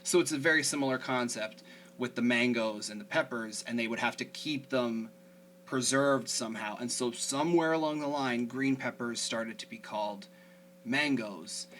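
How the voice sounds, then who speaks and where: A man's voice: medium pitch, normal speed, fairly bright tone, a little hiss or hum. A man hosting a casual podcast chat, rambling with lots of fillers. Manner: chatty, rambling, many fillers. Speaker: podcast host.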